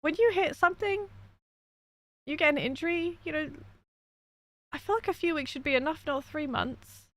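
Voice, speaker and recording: A woman's voice: sits high, normal speed, pauses often. A young woman streaming from her bedroom, tearful after crying, venting frankly to her chat and reading messages aloud in casual talk.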